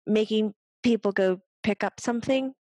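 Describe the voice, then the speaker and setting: A woman's voice: medium pitch, moderate pace, mellow, no room sound. A woman working as a medium on a talk show, chatting casually, laughing often and passing on what a spirit tells her. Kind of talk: casual chat.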